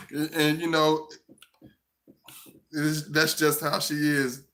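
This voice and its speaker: A man's voice: fairly high pitch, level tone, slow, pauses often, sharp tone. A man hosting a casual live stream who rambles, repeats himself and laughs often.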